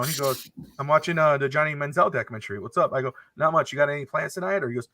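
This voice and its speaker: A man's voice: a little high, racing. A young man co-hosting a podcast, telling a long story in casual chat and acting out the people in it. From Miami area. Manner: animated storyteller acting out both sides of conversations. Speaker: podcast co-host.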